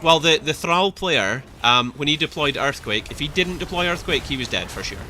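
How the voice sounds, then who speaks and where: Bright-voiced man casting esports. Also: on the high side, moderate pace, a little hiss or hum. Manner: excitable, chatty, laughs often. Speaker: esports caster. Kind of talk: live esports commentary.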